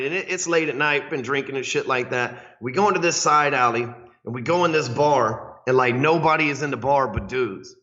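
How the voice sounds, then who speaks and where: Profane, rambling man with a bright, forceful voice. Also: medium pitch. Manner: profane, rambling, frequent "right?" tags. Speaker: sales coach. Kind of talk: casual storytelling talk. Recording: dull lo-fi recording.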